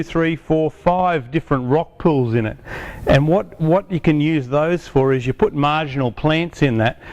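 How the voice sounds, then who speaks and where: A man at an ordinary middle pitch talks through a hands-on demonstration outdoors. He is chatty and informal, often restarting a sentence as he explains each step while he handles the products. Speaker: product presenter. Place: outdoors on a hot day.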